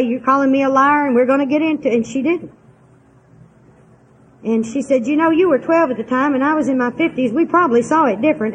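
A woman's voice: high voice, a little hiss or hum, poor audio. An older woman, candidly telling a personal recovery story in a homespun, frank way. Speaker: twelve-step speaker.

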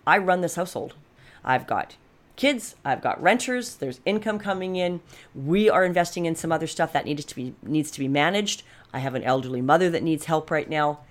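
A woman in her fifties giving a frank, reflective personal monologue as a life coach, speaking directly to her viewers. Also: low-pitched. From Canada. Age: 50s. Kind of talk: candid personal monologue to camera.

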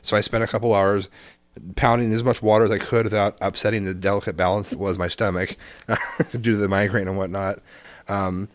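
A man casually telling rambling, profane stories in a relaxed chat, laughing often. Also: lowish voice, a little fast, dry recording.

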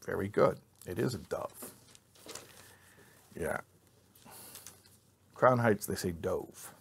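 A man's voice: deep voice, animated, takes it slowly, creaky, fairly bright tone, slight background noise. A man teaching an informal Bible class to a live group, joking and quizzing his listeners. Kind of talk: informal Torah class with audience.

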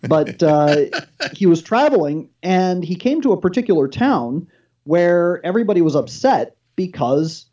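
A man's voice: high-pitched, big pitch swings, a little slow, dark tone, muffled recording. A man appearing as a talk show guest, telling a story with animation and acting out the dialogue himself.

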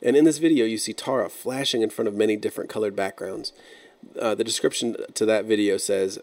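A man narrating an internet-mystery video in a measured, explanatory and slightly wry way. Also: fairly low pitch, steady tone, a little mellow. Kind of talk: scripted narration.

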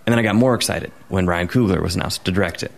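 Man, low voice, thoughtful, casual film chat. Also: racing, gravelly. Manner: thoughtful, explains at length with many restarts.

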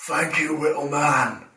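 A man's voice: a little high, noisy background. A man voicing a timid, simple-minded male ogre with a Cockney accent, speaking in broken phrases. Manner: broken simple speech, slow. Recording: echoey room, mic far off.

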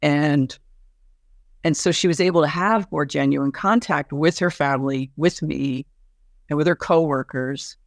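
A woman's voice: low-pitched, measured pace, no echo. A woman physician and therapist speaks in a podcast conversation, talking through a patient case. She often trails off and restarts mid-sentence. Her voice is close and dry, with no room sound.

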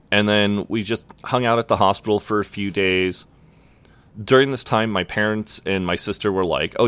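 Young man, very low voice, loose storyteller, swears freely, dry close mic. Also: a bit bright, clean tone, no room sound. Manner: laid-back, swears often, lots of "like" fillers. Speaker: podcast co-host. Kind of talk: casual chat, storytelling.

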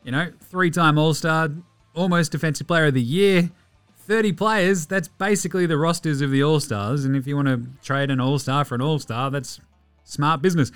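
A bright, forceful Australian man with a slightly high voice delivers basketball news in a loose, swearing, sarcastic ramble. Faint music sits underneath him. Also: moderate pace, clear, resonant tone. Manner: sarcastic, profane, mocking rants. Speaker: podcast host. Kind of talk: casual sports news commentary.

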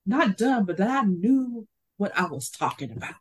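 An older female podcast co-host tells an animated story from her working life in a casual chat, acting out the voices of those in it. Her voice is on the low side and slightly rough, at a moderate pace, on a rough recording.

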